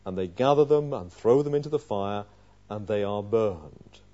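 A male preacher delivering an emphatic sermon, full of rhetorical questions, dropping quiet and then rising loud. His voice is mellow and dark. The recording is slightly dull and lo-fi. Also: lowish voice, expressive, normal speed.

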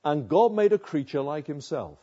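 Male preacher, higher voice, mellow and husky, emphatic sermon delivery, muffled lo-fi recording. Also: lively intonation, normal speed. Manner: emphatic, rhetorical questions, repeats words for effect.

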